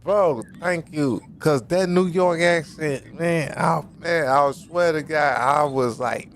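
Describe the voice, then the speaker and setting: A man's voice: fairly high pitch, takes it slowly, hardly any pauses, slight background noise. Raised-voiced man teasing his co-hosts. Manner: loose and teasing, keeps calling on others by name. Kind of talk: casual podcast banter.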